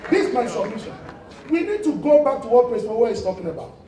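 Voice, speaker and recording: A man with a Nigerian accent, a lawyer giving a public talk on a panel, speaking emphatically and building up to loud points. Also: very high-pitched, big pitch swings, racing, recorded from a distance, a crowd in the background, background noise. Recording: echoey room, voice picked up from afar.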